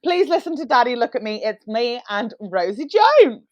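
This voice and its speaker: A woman's voice: a little high, big pitch swings, moderate pace, dry recording. A British woman, a comedian guest on a podcast, chatting in a friendly, giggly way. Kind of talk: casual podcast chat.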